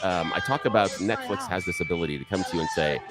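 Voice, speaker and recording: A man hosting a radio talk show, chatting casually and telling animated stories, acting out other people's voices. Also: low voice, fast, over loud music. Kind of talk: casual on-air chat.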